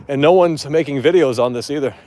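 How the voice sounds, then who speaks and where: A man's voice: on the high side, fast talker, a little mellow. A man hosting a live gaming show outdoors, talking bluntly and profanely in a casual rant.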